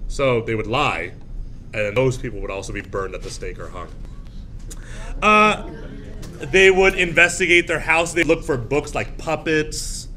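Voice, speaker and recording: A male teacher giving a classroom lecture, animated, often jumping into high shrill voices to act out scenes. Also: a little slow, slight background noise. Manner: animated, acts out shrill voices of frightened girls.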